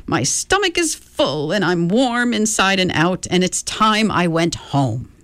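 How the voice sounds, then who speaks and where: A woman reading aloud and voicing an eccentric, cheerful very old woman with a brisk, chirpy manner. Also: on the low side, big pitch swings, fairly bright tone, no room sound.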